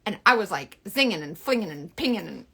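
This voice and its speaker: Loud bubbly woman with a bright voice. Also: mid-range voice, vocal fry, slightly rough. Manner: loud, bubbly and animated, fast bursts with laughs. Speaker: beauty seller hosting a live stream. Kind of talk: casual live-stream chat reading comments.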